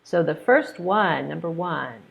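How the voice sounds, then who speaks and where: An American woman teaching pronunciation in an online webinar, modeling phrases slowly and deliberately and encouraging her students. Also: sits low, lively intonation, gravelly.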